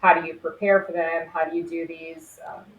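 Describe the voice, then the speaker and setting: A woman in her forties with a lowish voice recounts her career with earnest conviction and easy laughs. Her voice carries a roomy echo. Faint ambience hums behind her. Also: little pitch movement, fairly quick, phone-quality sound, a little hiss or hum. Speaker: guest, former crime scene investigator. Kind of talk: conversational storytelling interview.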